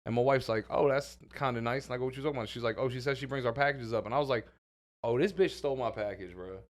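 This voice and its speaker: A man co-hosting a casual podcast, his voice sitting at an ordinary middle pitch. He tells stories with lots of animation, laughs often, and swears freely. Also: steady tone, racing. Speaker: podcast co-host.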